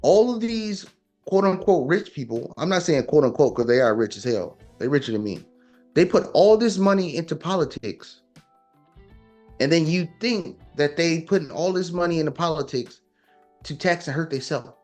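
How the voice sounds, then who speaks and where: A man lectures in a casual, emphatic way, firing off rhetorical questions. His voice sits a bit high for a man. Soft guitar music plays faintly underneath. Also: expressive, normal speed. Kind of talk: casual opinion talk.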